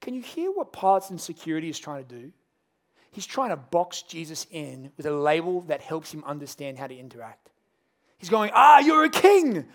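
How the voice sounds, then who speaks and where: Man, pastor, sermon, high voice, animated storytelling. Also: moderate pace. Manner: animated storytelling, acting out scenes.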